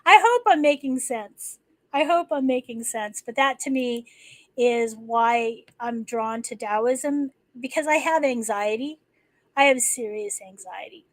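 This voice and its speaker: A woman's voice: a little high, measured pace, dry recording, low-quality recording. A woman hosting a live stream, talking casually and rambling, with many restarts and fillers. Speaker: livestream host. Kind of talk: casual spoken talk.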